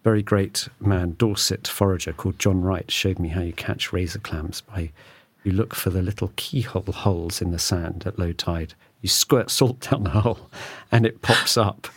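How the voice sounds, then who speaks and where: A man's voice: deep voice, fairly even intonation, moderate pace, few pauses, slightly rough, dry recording. A man hosting a studio podcast in casual chat, jokey and rambling, often restarting sentences. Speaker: podcast host.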